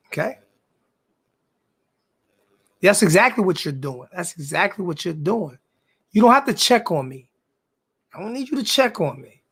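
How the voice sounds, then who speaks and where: A man's voice: fairly high pitch, normal speed, creaky, sharp tone, slightly rough. A man who is a sports YouTuber, ranting back at his live chat. He is confrontational, repeats himself, and swears in heavy slang. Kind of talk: live-stream rant to chat.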